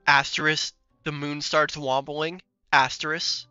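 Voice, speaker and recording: Playful bright-voiced male streamer. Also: a little high, level tone, measured pace, smooth, no room sound, lo-fi sound, soft background music. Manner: playful, chuckling, trolling the characters. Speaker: gaming streamer. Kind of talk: casual gaming commentary.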